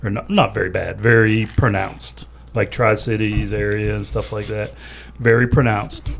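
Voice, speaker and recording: A man's voice: on the low side, level tone, moderate pace, gravelly. A man from southwestern Pennsylvania with a Pittsburgh accent, co-hosting a casual podcast chat and telling stories with frequent laughter. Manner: storytelling, laughs often. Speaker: podcast co-host.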